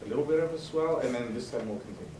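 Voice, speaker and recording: A man's voice: mid-range voice, expressive, rapid-fire, far from the mic, noisy background. A man conducting a school band rehearsal, giving instructions between passages and often checking that the players understand. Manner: coaching, often asks if it makes sense. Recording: roomy, off-mic, band playing.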